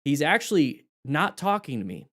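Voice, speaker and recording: A man teaching motorcycle safety, commenting on a crash video in a lively way and asking questions. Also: a little high, moderate pace. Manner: animated, acts out rider dialogue and questions.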